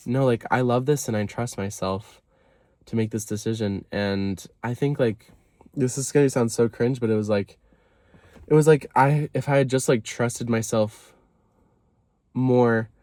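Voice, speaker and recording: In a confessional vlog, a man speaks casually to the camera in a dark, mid-range voice with no echo. He rambles and mocks himself, saying "like" constantly and apologizing again and again.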